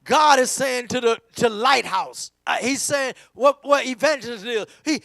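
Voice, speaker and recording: A man preaching a sermon in church, swinging from hushed talk to shouting, repeating words for emphasis. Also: extremely high pitch, normal speed, creaky, few pauses, dry recording. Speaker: pastor. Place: church sanctuary.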